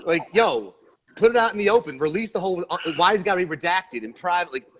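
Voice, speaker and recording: Animated, bright-voiced man joking around. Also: sits high, fast talker, slight background noise. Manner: animated, joking, stammers and restarts. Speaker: podcast panelist. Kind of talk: casual sports-podcast chat.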